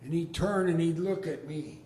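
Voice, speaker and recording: An older man telling a comic story on stage in a folksy, deadpan drawl. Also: a little high, moderate pace. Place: arts venue stage with a live audience. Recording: echoey hall with long reverb.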